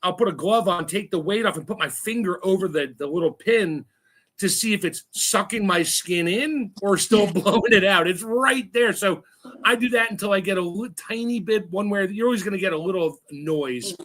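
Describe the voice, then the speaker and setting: A man's voice: high voice, moderate pace, fairly bright tone. A man hosting a casual chat, telling stories with lots of laughter and imitated sounds. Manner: chatty storyteller, laughs often, acts out sounds. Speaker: host.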